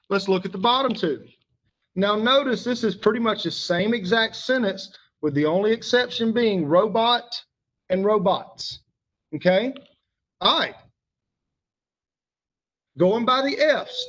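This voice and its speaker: A man's voice: sits high, a bit bright. A man teaches a grammar lesson, working step by step. He patiently puts questions to the class and waits for their answers. The recording sounds a little dull.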